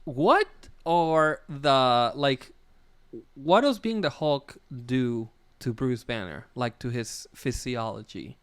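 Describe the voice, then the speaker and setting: Smooth-voiced Midwestern guy, rambling, dry room. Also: medium pitch, animated, takes it slowly, dry recording. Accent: Midwestern American. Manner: laid-back, rambling, swears and laughs often. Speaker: podcast co-host. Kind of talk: casual wrestling podcast chat.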